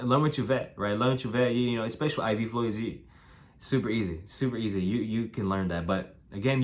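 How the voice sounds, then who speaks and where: Hoarse, nasal man giving breeding advice. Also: lowish voice. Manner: talkative, repeats himself, tags lines with "right?" and "man". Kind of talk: casual instructional vlog.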